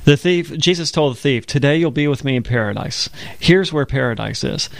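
Male Bible-program co-host, gravelly, earnest, dry studio sound. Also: medium pitch, animated, brisk, no echo. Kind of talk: radio Bible discussion.

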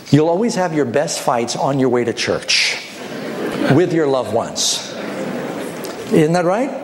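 During his sermon, a man with a slightly high voice brings his stories to life, switching voices as he performs each character's lines. A faint hiss or hum sits under the audio.

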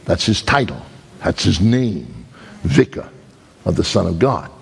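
A man with a Brooklyn accent preaching a sermon, emphatic, swinging between high loud peaks and slow low words. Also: very animated, gravelly, slightly rough. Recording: long hall reverb.

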